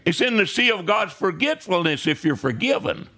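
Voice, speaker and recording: Preaching in a church sanctuary, this pastor has a high, bright, forceful voice that swings widely in pitch at a moderate pace. He keeps the sermon conversational, repeatedly checking in with the congregation through asides of "right?"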